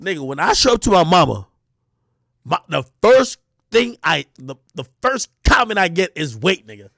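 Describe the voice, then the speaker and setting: A man's voice: high-pitched, big pitch swings, normal speed, creaky, fairly bright tone, no room sound, clean studio sound. A man streaming and ranting casually, profane and slangy, often repeating himself. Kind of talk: casual livestream rant.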